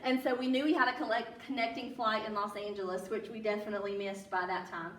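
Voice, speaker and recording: A woman's voice: medium pitch, fairly even intonation, quick pace, slight background noise. A woman with a Southern American accent telling stories to a library audience in a chatty way, laughing often and quizzing her listeners. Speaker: library guest speaker. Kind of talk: casual storytelling talk to an audience. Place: public library meeting room. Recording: roomy, from a distant mic.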